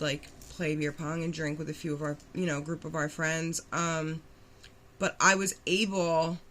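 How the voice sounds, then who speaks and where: A young woman telling her own recovery story in a blunt, animated way, acting out quotes and swearing freely. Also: low-pitched. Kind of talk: candid storytelling.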